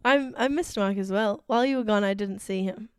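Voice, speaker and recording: A woman's voice: mid-range voice, clear, resonant tone, no room sound, clean studio sound. A woman co-hosting a podcast, reacting to a friend's story and teasing in casual chat. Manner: chatty listener, quick reactions and teasing. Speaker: podcast co-host.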